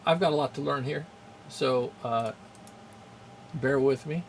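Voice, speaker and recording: A man's voice: mid-range voice, unhurried, a little hiss or hum. A man casually chatting on a live stream, rambling with many fillers, chuckling often and greeting viewers in chat. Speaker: streamer hosting a game channel.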